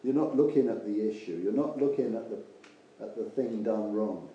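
Older preacher in an echoey church. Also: male voice, on the low side, normal speed, dark tone, muffled recording, a little hiss or hum. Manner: earnest, rambling, with many restarts and asides. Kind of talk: sermon. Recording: echoey room with faint ambience.

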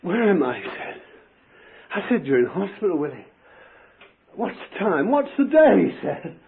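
A man preaching a sermon, telling a story with animated fervor and bursts of shouting. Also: on the high side, normal speed. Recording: tinny phone-like old tape.

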